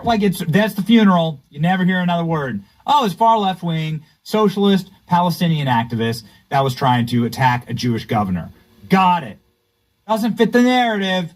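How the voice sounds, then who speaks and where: Sarcastic man with a lively voice. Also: high voice, normal speed, low-quality recording. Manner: sarcastic, mocking. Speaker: commentary host. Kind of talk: political commentary.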